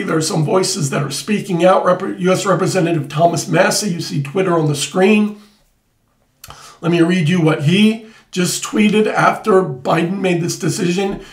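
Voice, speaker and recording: A man with a high voice delivers alarmed political commentary, pressing the same point again and again until it turns emphatic. He sits a little back from the mic in an echoey room. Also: moderate pace, distant mic. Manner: urgent, repetitive, rising to emphatic outbursts. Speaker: host.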